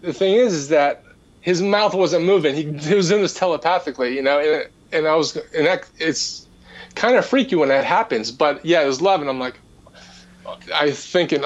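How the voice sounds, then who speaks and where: A man's voice: a little high, normal speed, dull audio. Earnest man telling a spiritual story. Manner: earnest, animated retelling with restarts. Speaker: energy healer guest. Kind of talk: casual storytelling.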